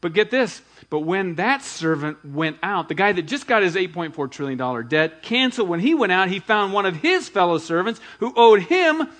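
Give me an animated preaching man with a higher voice. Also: moderate pace, few pauses. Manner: animated preaching, swinging between loud emphasis and quiet asides; retells scripture with dramatic voiced quotes. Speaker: pastor. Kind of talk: sermon.

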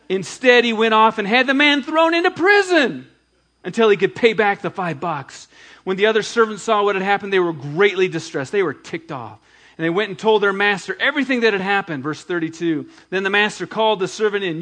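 A grown man, a pastor, retells scripture from the pulpit with lively, dramatic emphasis and soft asides. He speaks at an ordinary speed in a voice on the higher side.

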